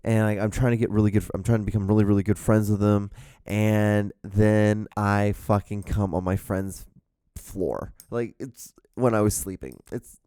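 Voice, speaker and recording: A young man rambles through a solo episode of his own show. He talks in a low, dark voice, full of fillers and restarts, and swears a lot. He sounds tired, as if his voice is wearing out, and the room is dry and close. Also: fairly even intonation, moderate pace, clean tone, dry recording. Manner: rambling, profane, self-deprecating, lots of fillers and restarts. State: tired, voice going out. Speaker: host.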